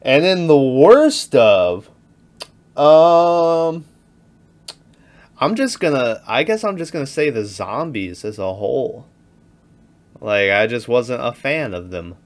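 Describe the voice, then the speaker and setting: A man's voice: mid-range voice, big pitch swings, slow pace, long pauses. A man co-hosting a casual movie review podcast, retelling scenes animatedly and laughing as he goes. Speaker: podcast co-host.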